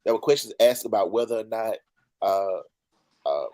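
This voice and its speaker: A man speaking in a measured, hesitant, thoughtful way in a casual group conversation. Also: lowish voice, animated, warm tone. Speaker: fraternity brother in a panel talk. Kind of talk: casual chat.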